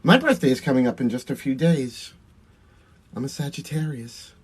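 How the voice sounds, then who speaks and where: A man with a Long Island accent, a drag performer, chats through a livestream while doing his makeup, answering viewer comments and laughing often. His voice is mid-range and animated with a breathy edge, at a moderate pace.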